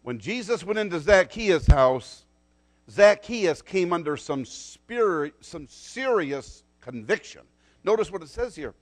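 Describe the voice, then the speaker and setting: A man preaching a sermon, dramatic and swinging between loud declarations and soft, low asides. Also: very animated, a little slow.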